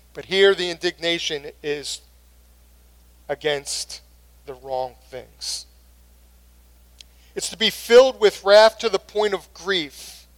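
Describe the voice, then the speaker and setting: A middle-aged male pastor preaching a sermon in an earnest, conversational way. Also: high-pitched.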